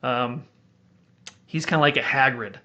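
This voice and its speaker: A man's voice: medium pitch, a little slow, highs cut off. A man hosting a casual podcast chat, telling stories animatedly and breaking into character voices. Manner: animated storytelling, demonstrating voices. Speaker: podcast host and audiobook author.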